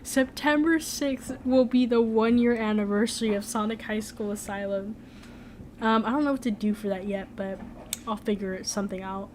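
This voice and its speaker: A woman's voice: on the high side, steady tone, normal speed, a little mellow, a little hiss or hum. A young woman streamer chatting casually, rambling with lots of "like" and "um". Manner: rambling, full of "like" and "um". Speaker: streamer, animator. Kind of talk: casual live-stream chat.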